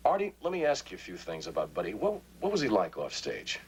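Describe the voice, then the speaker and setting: A man's voice: low voice, wildly swooping pitch, fast, full character voice, low-quality recording. An actor playing a friendly, easygoing male radio disc jockey in his studio booth, chatting and coaxing a young fan. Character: genial male radio DJ, middle-aged, relaxed and kind. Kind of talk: 1950s radio drama film acting. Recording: film soundtrack with loud background noise.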